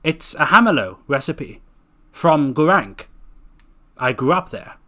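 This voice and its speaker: A man voicing a friendly, silver-haired fox-like gentleman in a storybook reading. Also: fairly high pitch, big pitch swings, a little slow. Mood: genial. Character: silver-haired fox-like male, genial, hospitable.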